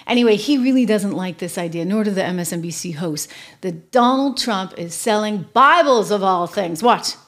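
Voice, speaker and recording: A woman's voice: mid-range voice, animated, normal speed. A woman hosting a political commentary show, emphatic and sarcastic, speaking straight to her audience. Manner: emphatic, sarcastic asides, addresses the audience directly.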